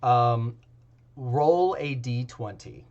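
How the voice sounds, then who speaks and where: Slow, rambling male game master. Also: mid-range voice, a little mellow, lo-fi sound. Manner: rambling, filler-heavy narration. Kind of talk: narrating a tabletop game.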